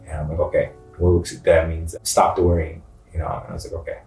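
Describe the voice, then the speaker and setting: A man's voice: low voice, completely flat delivery, fast, gravelly, a little mellow, soft background music. A man telling his own story in casual talk, full of fillers and acted-out dialogue. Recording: roomy, distant mic.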